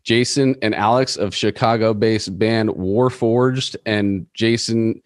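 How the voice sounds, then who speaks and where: Casual podcast host, man, lower voice, easygoing, dry sound. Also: slow, no room sound. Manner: laid-back, casual, swears. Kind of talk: casual chat.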